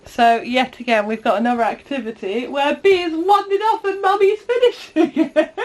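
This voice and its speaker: A woman's voice: high voice, normal speed, few pauses, a little hiss or hum. A young mother filming a casual home vlog, chatting to camera and coaxing her toddler in a sing-song voice. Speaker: vlogger and mum.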